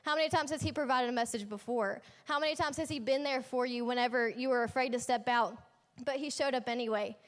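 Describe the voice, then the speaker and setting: A woman's voice: on the high side, fast talker. A young woman leading a youth ministry, preaching a casual sermon in a chatty, slangy storytelling way with playful asides. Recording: echoey hall.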